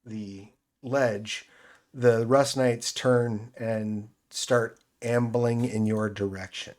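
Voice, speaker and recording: A man's voice: mid-range voice, fairly even intonation, drawn-out words, darkish tone. Laughing game master man. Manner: laughs often, many fillers. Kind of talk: narrating a tabletop game.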